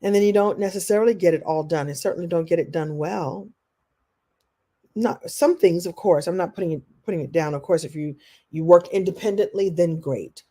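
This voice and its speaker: A woman leading a live online masterclass as a motivational coach, animated, acting out what people say and answering viewer comments. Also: lowish voice, fairly quick, husky. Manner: animated, acts out quoted voices.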